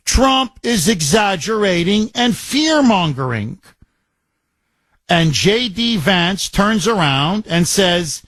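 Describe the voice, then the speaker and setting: High-pitched, slow-talking male radio host. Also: lively intonation, fairly bright tone, no room sound. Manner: emphatic, combative, repeats words for force. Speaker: radio talk show host. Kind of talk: opinionated talk radio monologue. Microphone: studio microphone.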